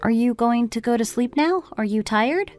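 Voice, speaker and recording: An actress playing a gentle young wife who is concerned about her husband in a scripted text-story drama. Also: a little high, animated, normal speed, soft background music, close to an everyday voice.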